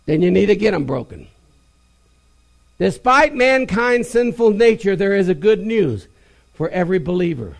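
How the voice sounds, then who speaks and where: Man preaching a sermon, really high voice, slow and drawn out, calls on the crowd to say it back. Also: very animated, creaky. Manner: call-and-response, exclaims and repeats phrases.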